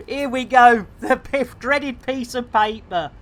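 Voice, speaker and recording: A woman chats loosely to her live-stream audience, wandering off into puns and giggling fits. Her voice sits fairly high. She takes her time, talking at a slow, easy pace. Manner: giggly, rambling, punning. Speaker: game streamer. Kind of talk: casual live-stream chat.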